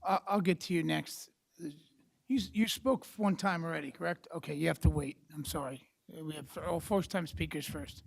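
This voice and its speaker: A man's voice: a little high, normal speed, creaky. A man chairing a council meeting, giving brief, polite procedural remarks and calling on speakers. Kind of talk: running a public meeting.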